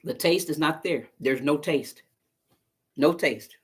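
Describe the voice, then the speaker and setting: A woman with a deep, breathy-edged voice takes her time as she speaks. A vlogger on a live stream, she chats casually and tells stories straight to her viewers in folksy, talkative phrasing.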